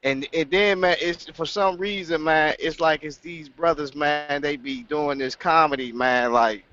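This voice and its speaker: A man's voice: a little high, a little slow, pushed and bright, muffled recording. A man chatting loosely on a casual online talk show, dropping "man" into nearly every phrase.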